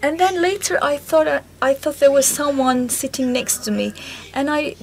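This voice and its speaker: A woman speaking at a symposium in a concert hall, slowly and haltingly recalling a spiritual encounter in the first person. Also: high-pitched. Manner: slow, halting storytelling with pauses.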